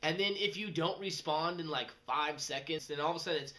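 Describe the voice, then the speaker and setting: A young man, rambling casually in a vlog and jumping into high mocking voices. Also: fairly quick, hardly any pauses. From West Texas. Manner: animated, jumps to high mocking voices when quoting people. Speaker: vlogger.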